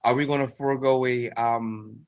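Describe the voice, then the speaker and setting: A man co-hosting a talk podcast, speaking casually but with emphatic, sermon-like repetition. His voice sits at an ordinary middle pitch as he builds each point. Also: steady tone, normal speed, a crowd in the background. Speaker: podcast co-host. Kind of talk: casual chat.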